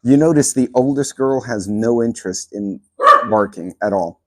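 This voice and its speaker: A man's voice: medium pitch, moderate pace, mellow, no room sound, studio quality. Laid-back man chatting on a livestream. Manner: chatty, talks to his dogs and reads out chat names. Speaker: channel host. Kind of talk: casual livestream chat. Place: yard of a rental house, outdoors. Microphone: phone on speaker.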